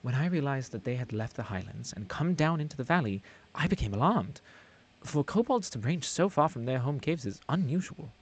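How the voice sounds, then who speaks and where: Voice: medium pitch, very animated, fairly quick, breathy edge. A streamer voicing a grave older woman with a Welsh accent, reading solemn lines with a few stumbles. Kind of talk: live-streamed game voice acting.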